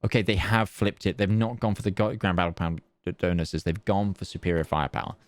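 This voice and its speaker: Chatty excitable male esports caster. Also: sits low, a little fast, no echo, soft background music. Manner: chatty, excitable, many fillers and restarts. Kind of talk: live game commentary.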